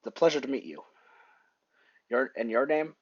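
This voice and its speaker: A man voicing a calm, formal, bulky grown man who speaks slowly and gently. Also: mid-range voice, dry recording, muffled recording, natural voice. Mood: solemn.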